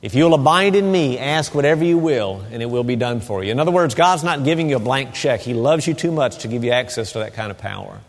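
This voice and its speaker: A man preaching a sermon as a pastor, telling stories with lively rises and dropping to a hushed, soothing voice at times. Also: mid-range voice, fast talker, hardly any pauses. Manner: animated storytelling, hushed soothing asides. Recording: long reverb of a sanctuary.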